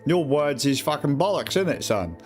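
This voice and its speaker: A man voicing a gruff male goblin who swears and scolds. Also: fairly high pitch, big pitch swings, normal speed, soft background music. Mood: scornful. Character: gruff foul-mouthed male goblin, blunt and mocking.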